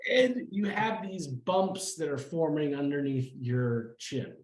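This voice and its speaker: Slow, laughing male game master. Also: a little high, echoey room, poor audio. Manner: halting, often breaks into laughter. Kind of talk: narrating a tabletop game.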